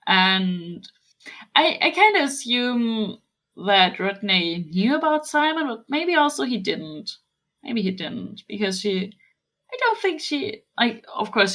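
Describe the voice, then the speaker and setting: A woman's voice: mid-range voice, a bit bright. A woman co-hosting a podcast, earnest and admiring, often restarting her sentences in casual fan chat. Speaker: podcast co-host.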